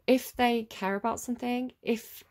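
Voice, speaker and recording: A woman's voice: a little high, fairly even intonation, normal speed, darkish tone. A woman giving a casual tarot reading, rambling and chatty as she drifts off on tangents. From United Kingdom. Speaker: tarot reader.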